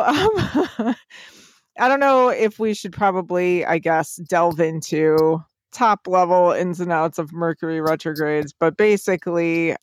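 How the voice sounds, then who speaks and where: A woman's voice: fairly low pitch, no room sound, clean studio sound. A young adult woman hosting a podcast in casual chat, playful and giggly, often tripping over her words. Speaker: podcast host.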